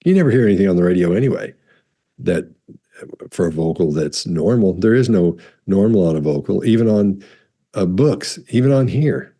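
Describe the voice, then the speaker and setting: Male explainer, low and mellow, casual and digressive, close compressed mic. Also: animated, normal speed, breathy edge. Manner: rambling, self-correcting, demonstrates loud and soft speech. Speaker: body language expert answering viewer questions. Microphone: studio mic with compressor.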